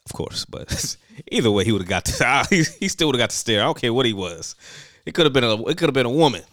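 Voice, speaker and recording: A man's voice: medium pitch, sing-song, fairly quick, a bit bright, no room sound, clean studio sound. A young man hosting a podcast, telling stories in casual chat, loose and full of slang and fillers. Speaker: podcast host.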